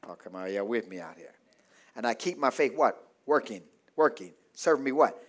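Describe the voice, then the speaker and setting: A man preaching a sermon in call-and-response style, asking the congregation to finish his sentences and swinging between shouts and low murmurs. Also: expressive, normal speed. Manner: call-and-response, asks the congregation to fill in words.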